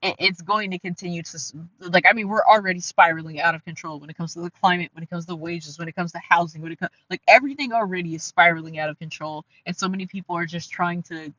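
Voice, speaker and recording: A man's voice: high voice, quick pace, few pauses, pushed and bright, dull audio. A man with an Ohio accent and a nasal voice, talking casually in a commentary vlog, rambling with lots of fillers and restarts. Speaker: commentary channel host.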